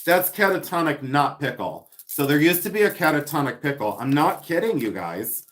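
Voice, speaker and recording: Hosting a casual unboxing live stream as a seller, a man speaks in a high-leaning, bright, very animated voice at a moderate pace. He's chatty and giggly, reads viewers' comments aloud, and repeats words just for fun.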